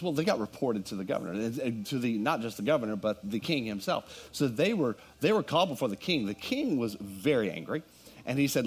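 A man preaching a sermon, telling a scripture story in a lively way, with humorous asides and frequent restarts. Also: mid-range voice, brisk, slightly rough. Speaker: pastor.

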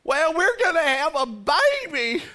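A pastor voicing an excitable elderly husband who talks in folksy, ungrammatical country speech. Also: male voice, extremely high pitch, unhurried, pitched above the performer's own voice, heavily acted. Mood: excited.

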